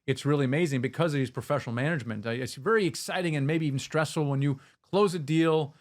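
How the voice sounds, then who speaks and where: Male interview host, quick, eager delivery, slightly higher voice, frequent restarts. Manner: enthusiastic, restarts phrases often. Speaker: podcast host. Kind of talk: interview conversation.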